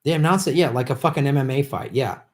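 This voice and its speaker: A man's voice: mid-range voice, fast. A man hosting a political livestream, ranting angrily and profanely at politicians in an unscripted commentary. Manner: profane, shouting, bitter ranting.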